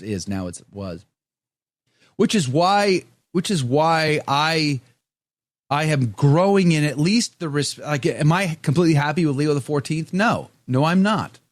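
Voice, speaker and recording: A man's voice: mid-range voice, no echo. Man hosting a casual live stream. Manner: candid, conversational, with frequent restarts. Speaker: host. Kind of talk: live-stream chat reading viewer comments.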